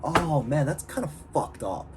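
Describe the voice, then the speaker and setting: A man vlogging in a casual, excitable way, slangy and profane, with lots of fillers. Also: on the high side, moderate pace, heavy background noise. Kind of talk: casual talk to camera.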